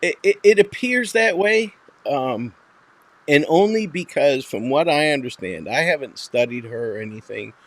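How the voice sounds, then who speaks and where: A man's voice: fairly high pitch, expressive, moderate pace, a bit bright. Blunt, profane Boston man hosting. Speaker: host. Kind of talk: casual online show chat.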